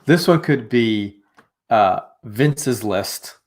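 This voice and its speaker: A man's voice: mid-range voice, lively intonation, very slow, a little mellow. A man co-hosting a business podcast in casual chat, easygoing and jokey, steering with questions. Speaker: podcast co-host.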